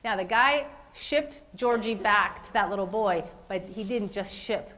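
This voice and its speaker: A woman's voice: medium pitch, unhurried, a bit bright, low-quality recording. Earnest woman keynote speaker. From lives in Las Vegas. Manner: earnest, addressing listeners directly. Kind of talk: motivational keynote speech.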